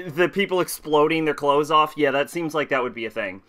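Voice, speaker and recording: A man streams a video game and chats casually with his viewers, laughing often between remarks. His voice sits slightly high with a bright, forward tone. Faint game music plays behind him. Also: fairly quick, hardly any pauses. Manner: chatty, laughs often, answers chat.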